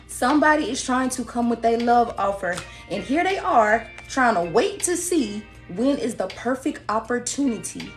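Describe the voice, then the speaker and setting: A woman's voice: fairly high pitch, lively intonation, normal speed, few pauses, soft background music. Sassy blunt woman giving a reading. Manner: sassy, blunt, laughs often, acts out quoted people. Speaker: tarot reader. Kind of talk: casual spiritual reading to viewers.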